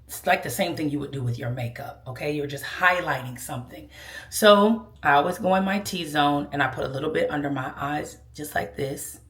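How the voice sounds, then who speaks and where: A woman's voice: deep voice, normal speed, fairly bright tone. A woman giving a casual makeup tutorial, chatty and sassy, calling viewers girl and child. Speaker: beauty vlogger. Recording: echoey room.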